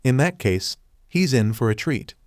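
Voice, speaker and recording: A man voicing a cold, smug male demon with a quiet delivery. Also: mid-range voice, big pitch swings, unhurried, no echo, clean studio sound.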